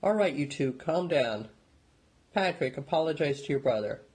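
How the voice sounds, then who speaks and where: A man's voice: fairly high pitch, animated, normal speed, darkish tone, husky. A man doing a stern, weary father. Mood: firm. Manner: firm, lecturing.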